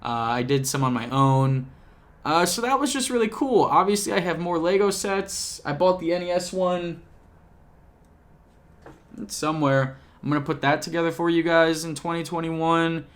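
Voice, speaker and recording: A man's voice: fairly high pitch, moderate pace. A young man chatting casually to a camcorder at home, rambling and joking, often cutting himself off mid-sentence. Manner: rambling, self-interrupting, jokey. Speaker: YouTuber. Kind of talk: casual vlog recap. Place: home apartment.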